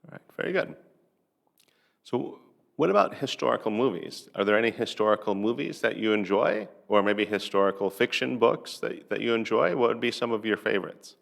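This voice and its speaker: A man with a lowish, gravelly voice leads a speaking-practice lesson. He asks one question at a time, measured and patient, leaving room for an answer. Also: animated, a bit bright. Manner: measured, pausing between questions. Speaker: English teacher. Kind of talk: asking practice conversation questions.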